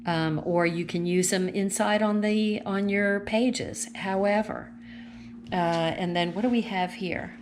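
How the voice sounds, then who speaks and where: A woman's voice: medium pitch, fairly even intonation, measured pace, darkish tone, slight background noise. A woman casually walking viewers through a craft catalog at home, chatty and gushing as she thinks aloud while turning the pages. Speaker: consultant showing a craft catalog. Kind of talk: casual catalog walkthrough vlog. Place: at home with her dogs.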